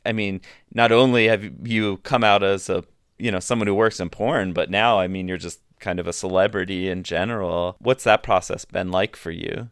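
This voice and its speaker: A man's voice: low-pitched, steady tone, moderate pace, clean tone. A man co-hosting a podcast, asking friendly, hedging questions in casual chat. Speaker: podcast co-host.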